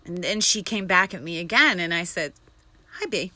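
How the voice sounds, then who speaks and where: A woman casually telling her live-stream viewers a rambling story, excitable and swearing freely. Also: on the low side, brisk, no room sound.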